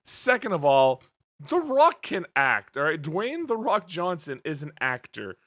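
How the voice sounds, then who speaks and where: A young man hosting a podcast, telling stories in an animated way and swearing freely. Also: on the high side, measured pace. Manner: animated storytelling with swearing and laughs. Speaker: podcast host. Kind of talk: casual podcast chat.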